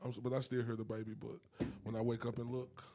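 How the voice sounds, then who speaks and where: A man in his thirties co-hosting a podcast outdoors, animated and laughing often, with colloquial speech. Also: medium pitch, fast. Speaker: podcast co-host. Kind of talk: casual chat. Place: rooftop outdoors in downtown Dallas.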